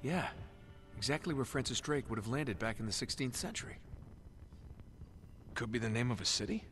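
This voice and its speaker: A man's voice: mid-range voice, animated, normal speed, fairly bright tone, close to an everyday voice. An actor playing an older male mentor and treasure hunter with an easygoing, dry delivery in a video game. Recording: game audio under music.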